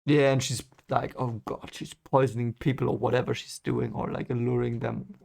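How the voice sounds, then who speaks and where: A man from Germany with a gravelly, creaky voice, reacting to a book as he reads it. He talks in an emotional, rambling way, swearing and then apologizing. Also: mid-range voice, little pitch movement, moderate pace, a little mellow. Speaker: channel host reading a book aloud. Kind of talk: first-time reading reaction.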